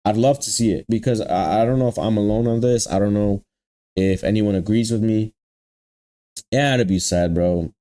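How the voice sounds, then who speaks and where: With a fairly low, mellow voice at a moderate pace, a young man hosts an anime reaction video. He talks right to his viewers in an exasperated, slang-heavy rant, saying the same things over and over.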